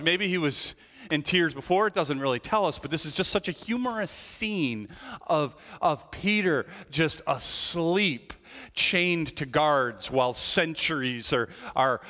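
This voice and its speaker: A man preaching a sermon in a lively, conversational way, acting out small quoted voices as he goes. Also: a little high, big-room sound. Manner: animated, conversational, acts out little voices. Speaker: pastor.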